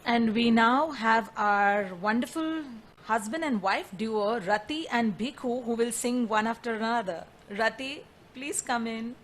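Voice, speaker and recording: A woman with a fairly high voice reads a devotional story aloud in a measured, earnest manner. She hosts an online spiritual gathering, and her voice comes through a computer mic on a video call. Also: a little hiss or hum. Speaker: satsang host.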